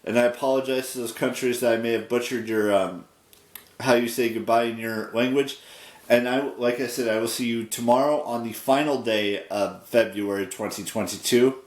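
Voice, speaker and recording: A man in his thirties chatting casually in his daily vlog, halting and stopping to spell words out letter by letter. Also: medium pitch, steady tone. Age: 30s. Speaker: daily vlogger. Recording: roomy echo, distant from the mic.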